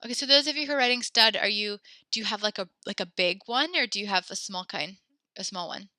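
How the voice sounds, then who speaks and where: A woman's voice: mid-range voice, quick pace, sharp tone, no echo, studio quality. A woman teaching an online class, talking casually, correcting herself and encouraging her students. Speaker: French teacher.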